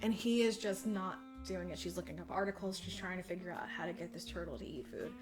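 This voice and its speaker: A woman's voice: on the low side, fast talker, music in the background. A woman co-hosting a podcast, casually retelling a story with lots of fillers and acted-out quotes. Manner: animated retelling, frequent fillers, acts out quotes. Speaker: podcast co-host. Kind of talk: casual chat.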